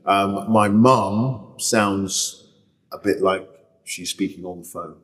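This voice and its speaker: A lower-voiced man with a northern English Lancashire accent speaks as an interview guest. He chats loosely, correcting himself mid-sentence and circling back. The recording is distant with a long, roomy echo. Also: takes it slowly, fairly bright tone. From Bolton, England. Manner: chatty, many restarts and self-corrections. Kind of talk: relaxed reflective conversation.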